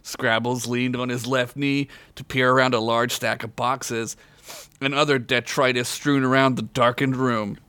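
A man's voice: medium pitch, little pitch movement, a little slow, pushed and bright, smooth, no echo. A man hosting a podcast, narrating a comedic story with crude, jokey asides.

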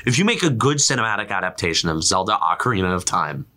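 Male podcast host, very low voice with a bright edge, loose and animated. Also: fast. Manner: rambling, animated, lots of fillers. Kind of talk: casual chat about movies and games.

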